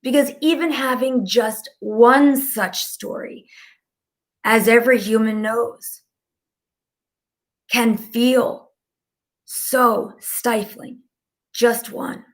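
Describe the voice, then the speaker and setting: A woman's voice: fairly high pitch, steady tone, extremely slow, pauses often. A woman giving a casual, rambling live-stream talk as a spiritual channeler, filling her speech with "like". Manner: chatty and rambling, heavy use of "like".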